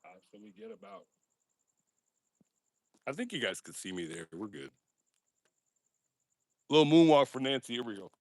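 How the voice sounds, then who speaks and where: A man's voice: mid-range voice, sing-song, moderate pace, pauses often, no room sound. A man hosting a casual livestream outdoors at night, joking and poking fun at himself as he talks straight to his chat. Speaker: livestream host.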